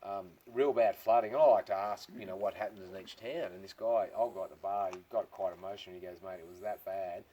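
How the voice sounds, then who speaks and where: A man's voice: lowish voice, fast, few pauses, mellow, breathy edge. A male stand-up comedian with an Australian accent, telling crude jokes and swearing stories to a small crowd at a farm party. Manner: crude, laid-back, swearing storyteller. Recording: crowd noise behind. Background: crowd laughing.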